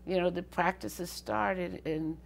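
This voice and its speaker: A woman's voice: lowish voice, fairly even intonation, slow pace, gravelly, a little hiss or hum. An older woman from the Southern United States recounting memories in an interview, laughing often and acting out the voices of people she quotes. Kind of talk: storytelling interview.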